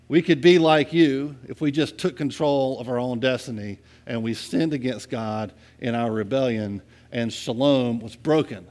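A man preaching a sermon in a conversational way, often checking in with the listeners and moving between quiet and loud passages. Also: mid-range voice, moderate pace. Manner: conversational, asks "right?" often, swings from soft to loud. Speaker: pastor.

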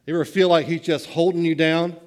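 A middle-aged man preaching a sermon, swinging between hushed, quiet lines and loud, excited bursts. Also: on the high side, a little fast. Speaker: pastor.

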